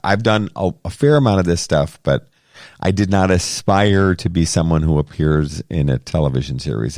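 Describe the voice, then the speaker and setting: A middle-aged man with a very low, deep voice talks through his experiences as a podcast co-host. He is earnest and rambling, and he often restarts his sentences. The sound is dry and close, with no room echo. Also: a little mellow. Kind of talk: casual conversation.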